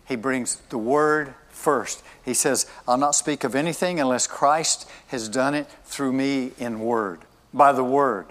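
A man's voice: medium pitch, fairly bright tone, in a large hall. A male pastor preaching a sermon in a church service, emphatic and repeating his key phrases.

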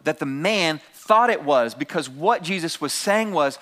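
A pastor delivers a sermon to his congregation in a slightly high, fairly bright voice with lively intonation, moving at a moderate pace with hardly any pauses. He calls out key phrases and has the room repeat them back.

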